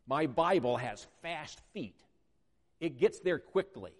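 A man preaching a sermon to a congregation, emphatic and repetitive, slowing down to stress key words. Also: on the high side, animated. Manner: emphatic, repeats phrases, stretches words for emphasis. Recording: echoey church hall.

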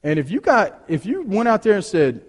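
A man preaching a sermon in a conversational, storytelling way, often restarting his sentences and swinging between hushed and emphatic delivery. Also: high-pitched, big pitch swings, normal speed, husky, long reverb tail. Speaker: pastor.

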